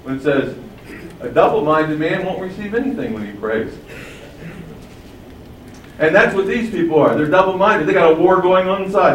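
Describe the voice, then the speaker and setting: A man preaching a sermon with some lift in his voice, pushing up on the words he wants to land. He sounds distant from the mic, in a roomy, echoing space with a faint hum of ambience behind. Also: fairly high pitch. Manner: emphatic, rising for key phrases.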